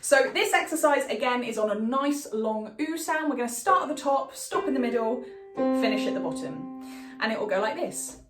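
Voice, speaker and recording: Young female vocal coach, a bit high, reassuring delivery, echoey room with faint piano behind. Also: animated, normal speed. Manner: encouraging, reassuring instructions. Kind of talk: singing lesson tutorial.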